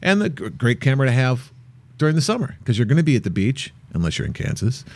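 A man co-hosting a travel show, chatting casually and telling an animated, playful anecdote. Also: mid-range voice, fast. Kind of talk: casual chat.

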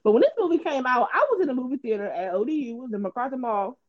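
A woman co-hosting a casual chat, telling animated, swearing stories with friends. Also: high-pitched, very fast. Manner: animated storytelling, swears freely. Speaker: podcast co-host. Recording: dull lo-fi sound.

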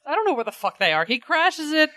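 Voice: sits high, big pitch swings, fast talker, bright, forceful tone. A co-host in a casual chat about a comic, making dry, sarcastic remarks and laughing often. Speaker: podcast co-host.

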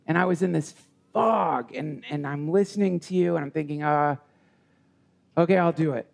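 A man with a raised pitch and a gravelly, rough edge tells a heartfelt personal story. He rambles and halts, circling back over his own words. The setting is a live retreat session. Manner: rambling, halting with restarts. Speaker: podcast guest.

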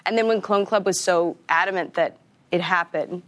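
A woman with a lowish voice, chatting as an interview guest. She talks loosely with plenty of fillers and laughs often between thoughts. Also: normal speed. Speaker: actor guest. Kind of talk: casual interview chat.

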